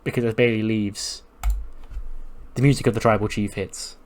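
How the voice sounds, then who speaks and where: A man's voice: lowish voice, fairly even intonation, normal speed. A man narrating a wrestling game casually, swearing and chuckling as he books matches. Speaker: gaming YouTuber. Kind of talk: casual let's-play narration.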